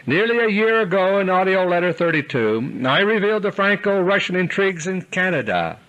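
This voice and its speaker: A man's voice: high-pitched, very animated, brisk, fairly bright tone, lo-fi sound. Grave man reading a political commentary. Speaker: commentator delivering an audio newsletter. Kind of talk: scripted spoken commentary.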